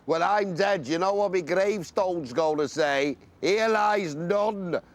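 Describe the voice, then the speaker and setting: A man's voice: high-pitched, slow. A comic actor playing a despairing working-class man, in sketch comedy. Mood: glum. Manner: gloomy, then shouting in despair. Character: despairing Liverpudlian man without a catchphrase.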